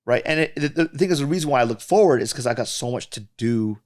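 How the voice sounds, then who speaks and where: A man's voice: medium pitch, fast. Casual storytelling male music producer. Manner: storytelling, animated when imitating others. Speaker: podcast guest, DJ and music producer. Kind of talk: casual podcast chat.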